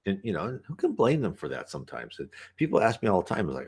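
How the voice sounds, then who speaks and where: Rambling man with a low voice. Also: huge pitch swings, fast talker, creaky, a little mellow, breathy edge. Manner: rambling and conversational. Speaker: presenter explaining a spiritist book. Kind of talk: casual explanatory talk.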